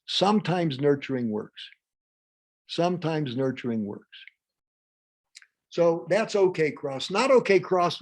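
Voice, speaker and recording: Fast-talking humorous male workshop presenter. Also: a little high. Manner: fast, lively, humorous delivery; acts out example dialogues with a raised voice. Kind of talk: lecturing a live workshop.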